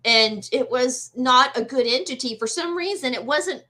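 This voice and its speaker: On a low-quality recording, a guest medium in middle age shares her own ghost story at a moderate pace. Her voice is high, and she lively performs the different voices whenever she quotes someone.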